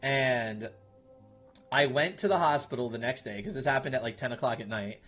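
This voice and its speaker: A man in his late thirties talks casually from home, blunt and quick to swear as he answers his viewers. His voice sits at an ordinary middle pitch. Music plays clearly behind him. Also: a bit bright. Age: 30s. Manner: blunt, profane, talks to chat. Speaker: streamer.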